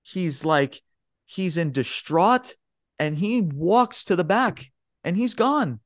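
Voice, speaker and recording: Male podcast co-host, hyped rambling recapper, swears a lot, slightly high voice. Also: takes it slowly, no echo, clean studio sound. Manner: excitable, swears often, says "bro" and "man"; rambling play-by-play retelling. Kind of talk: casual chat.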